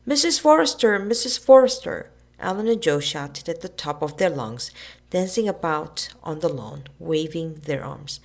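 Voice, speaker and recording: Low, gravelly woman reading a storybook. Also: measured pace. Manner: expressive, with character voices. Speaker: narrator.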